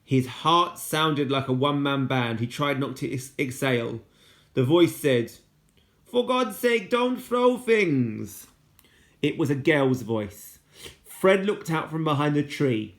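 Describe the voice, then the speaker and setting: A man reading a children's novel aloud as a teacher, steady and unhurried, with casual asides when he slips. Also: medium pitch. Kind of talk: storybook read-aloud.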